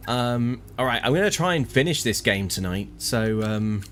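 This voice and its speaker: A man's voice: mid-range voice, animated, normal speed, hardly any pauses, fairly bright tone, a little hiss or hum. Jokey man live-streaming a game. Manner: jokey, mock-grandiose. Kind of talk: casual live stream commentary.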